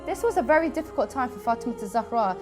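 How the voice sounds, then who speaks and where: High-voiced woman narrating over music. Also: expressive, quick pace. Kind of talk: documentary narration. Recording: music bed under voice. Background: background music.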